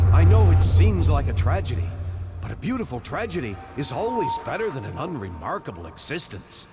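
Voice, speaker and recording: Game role: a pompous, declaiming father with a higher, swooping voice. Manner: lofty, declaiming, philosophical. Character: grandiose theatrical father, poetic and self-important. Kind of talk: video game voice acting.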